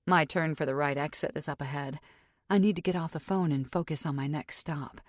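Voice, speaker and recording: A woman reads a first-person audiobook, measured and tense in her inner monologue. Her voice is low and the sound is dry and close. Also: no echo. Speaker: audiobook narrator. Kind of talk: scripted first-person narration.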